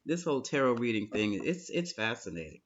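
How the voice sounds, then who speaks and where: Animated, effusive male tarot reader. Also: medium pitch, fairly quick, dull audio, heavy background noise. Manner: animated, effusive, affectionate terms like honey and my love. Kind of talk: tarot reading video.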